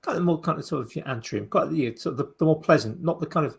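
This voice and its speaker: A man's voice: a little high, fast, gravelly, husky. A man co-hosting a podcast, chatting casually and rambling with many restarts and fillers. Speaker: podcast co-host. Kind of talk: casual chat.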